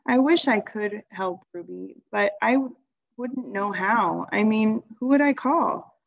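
A woman reading the lines of a gentle, tired father in a children's story, speaking softly and hesitantly. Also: medium pitch, measured pace, creaky, dull audio. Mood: worried. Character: gentle tired middle-aged father, worried zookeeper.

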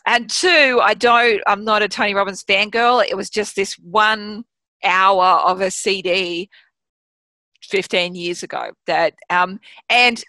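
An Australian woman in her thirties, a guest author and business mentor, talks in a medium-pitched voice with no room sound. In casual conversation she tells stories frankly, swears freely, and acts out her own thoughts with lively quoted inner voices.

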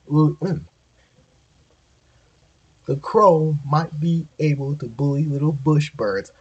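A man's voice: mid-range voice, a little mellow, breathy edge, lo-fi sound. A man reading a children's story aloud casually, often stumbling and correcting himself. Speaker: amateur reader.

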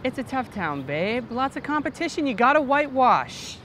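An actor playing a sassy office assistant. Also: male voice, extremely high pitch, big pitch swings, moderate pace, a bit bright, slight background noise, exaggerated voice. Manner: sassy, chatty, calls people honey and girl. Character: overly helpful, sassy male office assistant. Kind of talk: comedy web series acting.

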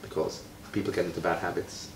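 A man's voice: low voice, steady tone, fast talker. A man in his fifties from Jamaica, a retired footballer chatting with a child, playful and quizzing, stretching words for emphasis. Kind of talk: friendly teaching chat with a child. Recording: roomy, from far off, faint noise.

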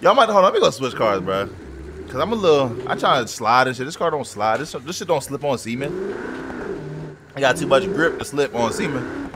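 A man giving casual, profane gameplay commentary as a gaming video host, reacting loudly to what happens in the game. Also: mid-range voice, normal speed. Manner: excitable, profane outbursts at the game. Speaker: gaming YouTuber. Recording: noisy game audio under voice. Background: driving game engine and traffic sounds.

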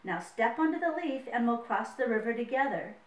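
A woman voicing a wise, kindly female frog who speaks calmly and encouragingly. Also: fairly high pitch, fairly quick, recorded from a distance, close to an everyday voice. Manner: calm, encouraging. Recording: roomy, mic set away.

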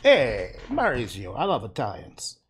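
This is a boisterous, shouting Italian caricature, put on by a man. The voice jumps high and booms with an exaggerated Italian-style lilt. The tone is a little rough and husky, and the pitch swings a lot. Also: huge pitch swings, moderate pace, heavily acted. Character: loud brash Italian man calling out.

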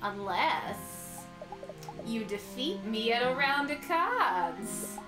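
Old NY antique-shop granny, brassy and folksy, pitched high, woman doing the voice; echoey room, music under. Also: very animated, very slow, full character voice. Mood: sassy. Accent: put-on New York. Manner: brassy, folksy, calls people pet names.

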